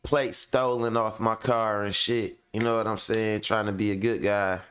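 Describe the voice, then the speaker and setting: A man's voice: lowish voice, little pitch movement, normal speed, a bit bright, slight background noise. A man hosting his own online show, venting casually and at length to his viewers in a frustrated, rambling, profane way. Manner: heavy fillers, addresses viewers directly.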